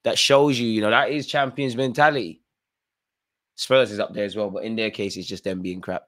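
A man hosting a live football watchalong, reacting loudly to the match with slangy banter and urging players on. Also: on the low side, brisk. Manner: excitable, shouts at players, slangy.

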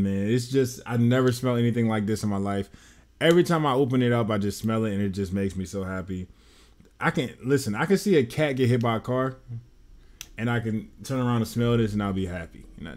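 A man's voice: mid-range voice, a little fast, a little mellow. A man giving a casual, enthusiastic fragrance review that rambles and often says "man" and "y'all.".

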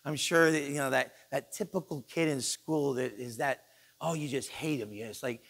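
A male pastor preaching a sermon in a church, animated and joking, acting out the people he quotes. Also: mid-range voice, moderate pace, gravelly.

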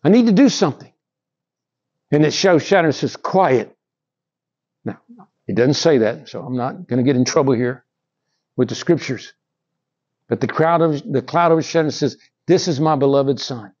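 A middle-aged male preacher delivers a sermon in an animated way, climbing high and dropping low in pitch and calling out to the congregation. His voice sits a little high for a man. The sound is dull and lo-fi, as from a church recording. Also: normal speed, pauses often. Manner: animated preaching, rises and drops in pitch, asks the congregation "Amen?". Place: church sanctuary.

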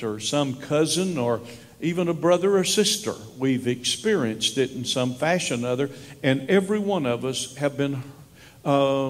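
A man preaching a sermon as a pastor, telling stories and moving from hushed, slow lines to raised ones. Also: mid-range voice, big-room sound. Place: church sanctuary.

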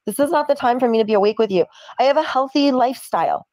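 A woman setting boundaries over the phone in a firm, measured, lecturing tone. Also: on the high side, expressive, darkish tone, no echo, studio quality. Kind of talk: calm therapy-speak argument.

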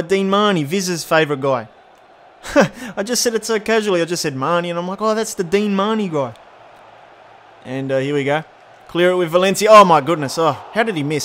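A young man giving casual commentary over a football video game, chatty and getting excited at near-misses. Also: fairly high pitch. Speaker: gaming YouTuber.

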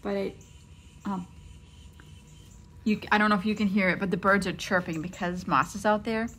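A woman's voice: mid-range voice, steady tone, moderate pace, a bit bright. A middle-aged woman vlogging casually outdoors in her backyard, chatting to viewers and calling to her cat. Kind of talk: casual vlog chat.

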